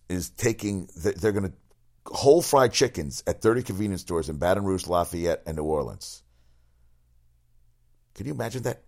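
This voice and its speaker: Host: middle-aged man, very low voice, rambling profane sports chatter. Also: gravelly. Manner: rambling, profane, animated storytelling. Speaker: sports talk show host. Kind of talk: casual sports talk.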